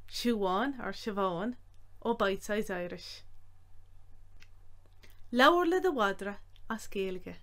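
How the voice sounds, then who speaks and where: Unhurried woman teaching Irish phrases. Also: medium pitch, a bit bright. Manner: careful, repeats each phrase slowly. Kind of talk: slow, clear language lesson.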